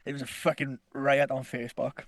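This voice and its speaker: A man's voice: mid-range voice, flat delivery, brisk, no room sound. Swearing, rambling man, dry close mic. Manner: rambling, swears constantly, laughs through stories. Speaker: podcast co-host. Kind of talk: casual storytelling chat.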